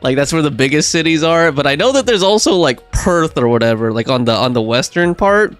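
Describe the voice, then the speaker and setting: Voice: medium pitch, expressive, a little fast, soft background music. A streamer chatting casually during a gameplay stream, rambling and giggling with lots of fillers. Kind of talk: casual live-stream chat.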